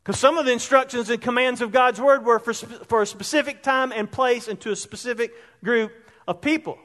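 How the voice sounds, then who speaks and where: A man's voice: very high-pitched, fairly quick, a bit bright. A man preaching a sermon as pastor, conversational and often asking his congregation questions, in a church sanctuary. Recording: long hall reverb.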